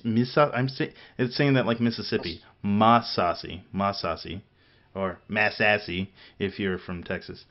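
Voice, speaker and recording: A man's voice: medium pitch, muffled recording. A man from Missouri co-hosting a casual gaming chat show, rambling with many restarts, fillers and laughs. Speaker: podcast co-host.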